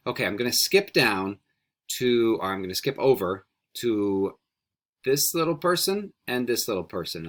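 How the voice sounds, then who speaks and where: A man with a low voice leads a beginner language lesson on video. He is patient and encouraging, moving between English and Spanish. He slows down to model each word for his students. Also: a bit bright. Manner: patient, encouraging, repeats words slowly for students. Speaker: Spanish teacher. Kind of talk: recorded classroom video lesson.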